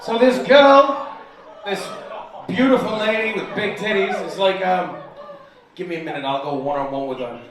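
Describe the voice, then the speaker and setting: A young man from the United Kingdom performs a crude, self-mocking stand-up set in a comedy bar before a loud live audience, often laughing through his own punchlines. His voice is high-pitched and moderately paced. The room is echoey, the mic picks him up from a distance, and room ambience mixes with audience noise.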